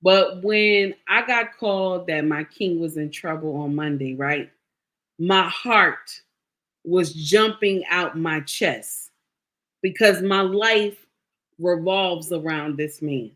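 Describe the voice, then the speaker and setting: A woman's voice: fairly low pitch, slow, fairly bright tone. A middle-aged woman telling viewers a personal story in a casual, emphatic way, repeating phrases and speaking to them directly. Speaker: vlogger sharing a personal story.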